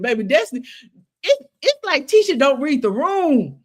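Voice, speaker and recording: A Southern American woman talks through a reality show in casual chat. Her pitch sits a little high and leaps all over the place. She laughs a lot and drops plenty of slang. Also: sing-song, measured pace. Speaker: reality show review host.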